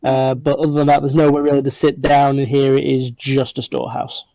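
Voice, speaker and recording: A man narrating a tabletop game as game master, describing scenes in an unhurried way with frequent fillers. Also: medium pitch, flat delivery, vocal fry, dark tone, no echo, rough recording.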